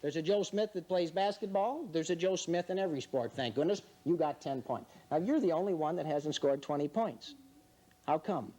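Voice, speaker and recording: A man's voice: on the high side, moderate pace, dark tone. Wry, teasing male quiz-show host. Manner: wry, teasing, mock-serious. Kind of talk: joking quiz-show hosting. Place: in front of a studio audience.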